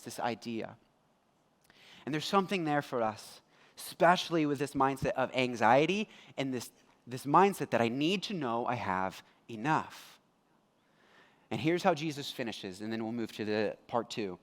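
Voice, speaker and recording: A male pastor preaching in a lively, conversational way, with a fairly high voice. Long reverb from a church hall trails each phrase. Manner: animated, conversational, acts out quotes. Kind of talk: sermon.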